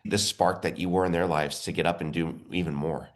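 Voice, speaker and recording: A man hosting an interview podcast, speaking in a measured, affirming way to his guest. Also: deep voice, fairly even intonation. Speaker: podcast host. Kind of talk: interview conversation.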